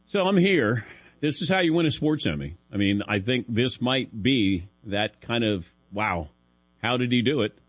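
A man's voice: medium pitch, lively intonation, normal speed, no echo. Dry-voiced man telling a self-deprecating story. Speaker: sports talk show host. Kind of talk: casual radio talk, storytelling. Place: studio. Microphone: studio broadcast mic.

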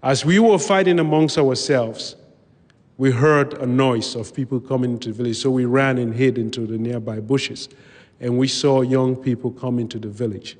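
A man recounting his own past in a measured, vivid way, pausing now and then to restart a phrase. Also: medium pitch, fairly even intonation, a little mellow. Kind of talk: personal storytelling talk. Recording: long hall reverb.

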